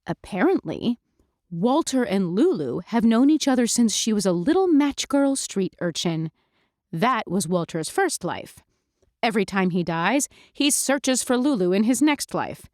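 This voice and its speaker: A woman's voice: medium pitch, sing-song, unhurried, a little mellow, no echo, clean studio sound. Chatty, sarcastic woman narrating a story. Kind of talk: first-person audio story narration.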